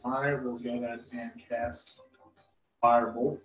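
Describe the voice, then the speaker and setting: A man's voice: mid-range voice, flat delivery, a little slow, recorded from a distance. A man playing in a tabletop game, saying his spells in an offhand, mumbling way. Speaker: player. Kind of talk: casual tabletop game play. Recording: roomy echo.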